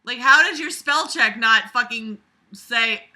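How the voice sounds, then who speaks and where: A woman's voice: a little high, takes it slowly, bright, forceful tone. A woman reading a story aloud and mocking it with sarcastic, profane commentary. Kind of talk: comedic dramatic reading with commentary.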